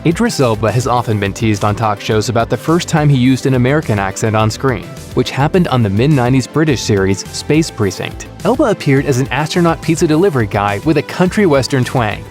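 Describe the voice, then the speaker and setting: Lively man narrating over soft music. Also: medium pitch, fairly quick, few pauses. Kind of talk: scripted entertainment narration. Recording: voice-over with faint music bed.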